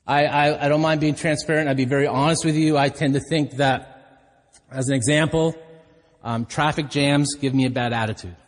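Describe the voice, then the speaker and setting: A man's voice: on the high side, steady tone, normal speed. A middle-aged man preaching a sermon as pastor, telling stories in a candid, self-deprecating way. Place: church hall. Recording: hall reverb.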